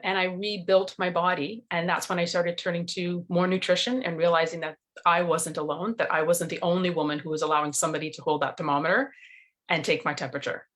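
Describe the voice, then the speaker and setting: A woman's voice: fairly low pitch, fairly bright tone. A middle-aged woman, a nutrition coach, telling her story earnestly in an interview over a video call.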